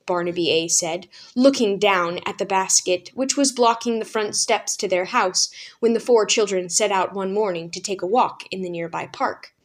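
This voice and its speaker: A woman's voice: mid-range voice, moderate pace, few pauses. Woman reading a children's story aloud.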